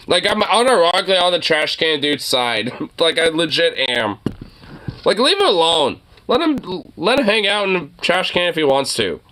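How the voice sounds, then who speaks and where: A young man riffs on a video clip in casual, profanity-heavy commentary. He often trips over his words and restarts. His voice is bright and bouncy, climbing high and dropping low as he goes. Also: big pitch swings, moderate pace, a little hiss or hum. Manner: profane, rambling, stammering restarts. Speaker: streamer reacting to a video.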